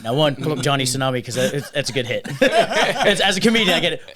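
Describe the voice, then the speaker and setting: A man's voice: on the high side, fast, a crowd in the background. A man co-hosting a podcast, casually telling a bar story with lots of swearing and acted-out quotes. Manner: animated, profane, acts out quoted voices. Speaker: podcast co-host; bartender.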